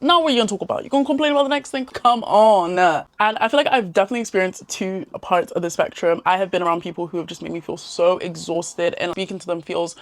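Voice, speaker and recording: A woman's voice: fairly low pitch, fast, few pauses. A young woman giving casual, chatty advice to camera in a slangy way. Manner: chatty and slangy, laughs often. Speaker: self-improvement vlogger.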